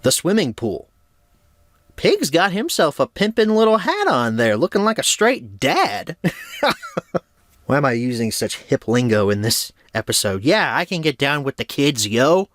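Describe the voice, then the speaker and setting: Laid-back joking guy with a lively voice. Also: fairly high pitch, measured pace, dry recording, clean studio sound. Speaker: cartoon reviewer. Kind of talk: casual video review.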